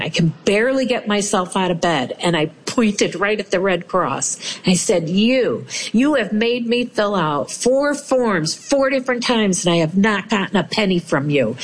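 A woman's voice: medium pitch, a little hiss or hum, poor audio. A woman, animatedly telling a personal story and acting out what people said. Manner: animated, acts out quoted voices. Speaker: interviewee telling her story.

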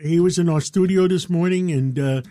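A man co-hosting a talk show, speaking warmly in a rambling way with many fillers. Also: a little high, moderate pace. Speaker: show co-host. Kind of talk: casual talk show chat.

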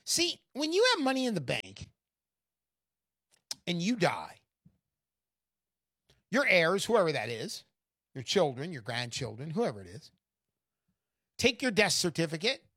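A woman pitching with lively, swooping intonation, scornful and emphatic. Her voice sounds close and dry, with no room around it. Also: unhurried, long pauses, breathy edge, no room sound. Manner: animated, mocking, emphatic. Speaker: gold investment promoter. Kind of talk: persuasive sales pitch.

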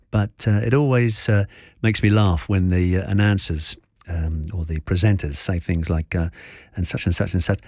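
A man hosting a late-night radio show, rambling in a relaxed way with many fillers and a sore throat. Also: sits low, slightly rough, no room sound, studio quality. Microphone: studio mic.

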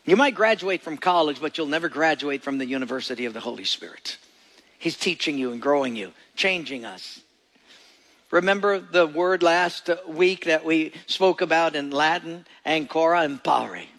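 A man's voice: a little high, lively intonation, normal speed, fairly bright tone. A male pastor giving a sermon with folksy jokes and emphatic, storytelling delivery.

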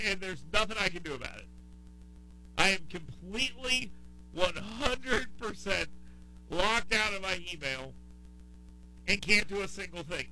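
Southern guy hosting talk radio, high bright voice, rants and repeats himself. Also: slight background noise, poor audio. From American South. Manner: exasperated ranting with repetition. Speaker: radio talk show host. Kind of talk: casual talk radio chat.

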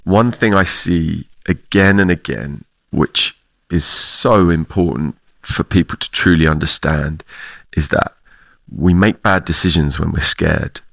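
A man's voice: low voice, a little slow, vocal fry, fairly bright tone, no echo. A middle-aged man from the UK, a theater clown, answering interview questions reflectively and laughing often. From United Kingdom.

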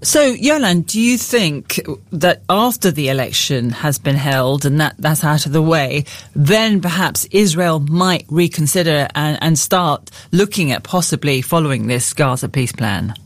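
A woman presenting radio news, reading scripted links crisply and questioning a correspondent. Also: sits low, animated, measured pace, no echo.

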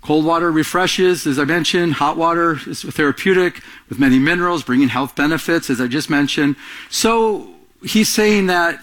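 A man delivering a sermon in a fairly high voice. He preaches with animation and lifts his voice to act out the quotes. He often repeats and restarts his phrases as he goes. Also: moderate pace. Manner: animated preaching, acting out quotes with rising pitch. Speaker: pastor.

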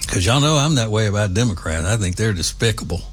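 A man's voice: fairly low pitch, lively intonation, fast talker, husky. A middle-aged man, hosting a casual commentary monologue in a rambling, folksy, conversational way. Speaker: commentary show host.

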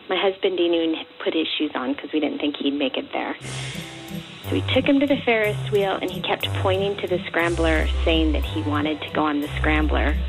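A woman's voice: low-pitched, brisk, faint music behind, low-quality recording. A woman, a mother and wife, earnestly recounting a personal anecdote. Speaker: listener telling her story.

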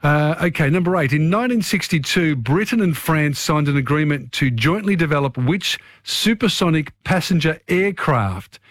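A man hosting a radio quiz, chatting easily with callers as he reads out the questions. His voice sits a touch high, and the studio sound is close and dry. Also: lively intonation, moderate pace, few pauses, dry recording. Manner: chatty, takes callers one after another.

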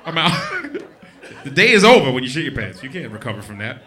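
Male stand-up comic, a bit high, very lively delivery, live club mic with loud audience laughter. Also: brisk. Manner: animated, acts out both sides of scenes; drops to a low hushed voice for asides. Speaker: stand-up comedian. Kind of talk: stand-up comedy set.

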